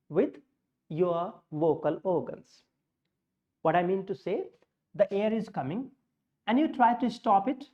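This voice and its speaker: Slow-paced woman teacher. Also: medium pitch, dull audio. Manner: slow, deliberate, repeats key words with demonstrations. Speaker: English pronunciation teacher. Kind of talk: spoken English lesson.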